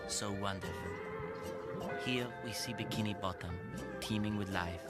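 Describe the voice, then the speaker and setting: A man's voice: lowish voice, moderate pace, over loud music, lightly acted. A man as a gushing cartoon documentary narrator. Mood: awed. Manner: thick foreign accent, lingering gushing delivery. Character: wonder-struck male nature-documentary narrator.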